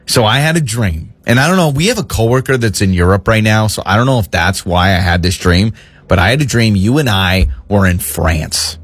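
A man co-hosting a radio show, telling a story in casual banter with an animated, exaggerated delivery. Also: lowish voice, fairly quick, slightly rough, no room sound.

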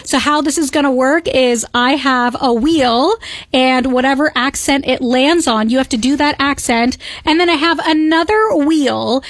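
A woman's voice: high-pitched, moderate pace, dry recording. A woman co-hosting a radio show, chatting playfully and laughing often into a studio mic. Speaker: radio co-host. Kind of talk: casual radio banter.

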